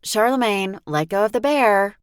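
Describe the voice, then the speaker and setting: A woman voicing a calm, polite young woman in an audiobook who is hiding her nerves. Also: mid-range voice, moderate pace, clean tone, no room sound, clean studio sound, voice pushed up, lightly acted.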